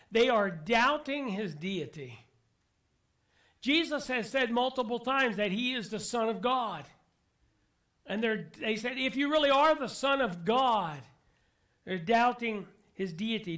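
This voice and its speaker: A man's voice: extremely high pitch, a bit bright. A male pastor giving a sermon to his congregation, emphatic and full of rhetorical questions. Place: church.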